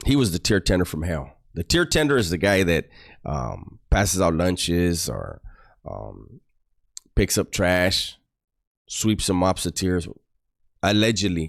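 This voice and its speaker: A man telling profane, animated stories about prison to his online audience. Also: low-pitched. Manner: animated, profane, mock-disgusted storytelling. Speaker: YouTuber recounting prison stories. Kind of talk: casual storytelling to a livestream audience.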